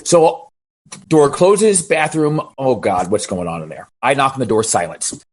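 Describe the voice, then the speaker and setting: A man who works as a DJ, telling an animated story and asking for advice on a video call, with halting restarts. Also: mid-range voice. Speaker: DJ asking a question.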